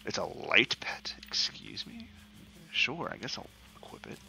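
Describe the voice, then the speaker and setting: A man giving casual, profane, excitable commentary while playing a video game. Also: on the low side, normal speed, vocal fry, in a whisper, faint music behind. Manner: profane, excitable trash talk. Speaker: gaming commentator.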